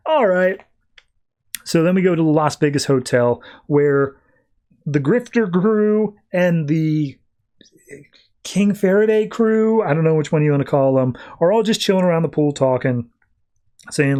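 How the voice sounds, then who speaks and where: Brief: casual male comics podcaster, chatty, acts out quotes, a touch high in pitch. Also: a little mellow. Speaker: podcast host.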